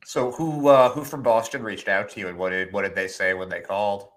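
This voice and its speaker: A man hosting a podcast asks his guest a question in a lowish voice. He repeats a word or two as he goes, keeping it conversational. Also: steady tone, brisk, fairly bright tone, rough recording. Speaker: podcast host. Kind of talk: interview question.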